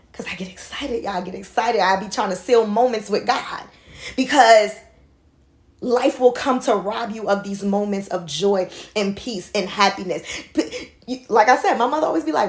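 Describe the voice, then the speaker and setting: A woman in her forties giving a passionate motivational talk to her phone camera, swinging between shouting and soft confiding. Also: mid-range voice, brisk. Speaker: motivational vlogger. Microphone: handheld phone camera.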